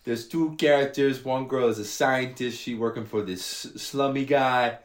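A man's voice: mid-range voice, fairly even intonation, measured pace. Young male co-host, slangy laid-back recap voice, echoey room. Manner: laid-back slangy storytelling, acts out lines. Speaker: podcast co-host. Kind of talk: casual movie recap chat.

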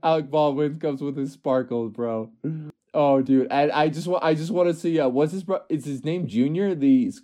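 A man's voice: on the high side, moderate pace, mellow. A man in casual podcast chat, telling a goofy story in a laid-back, slangy way with lots of laughing. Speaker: podcast co-host.

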